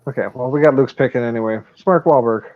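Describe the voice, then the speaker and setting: A man's voice: medium pitch, quick pace, lo-fi sound, noisy background. A man hosting a casual sports betting podcast, swearing and laughing as he runs through picks. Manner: profane, laughing, loose. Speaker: podcast host.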